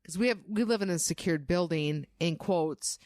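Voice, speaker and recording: Low-voiced woman telling a true crime story. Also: moderate pace, dry recording. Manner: animated, swearing, acts out quoted voices. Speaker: podcast co-host.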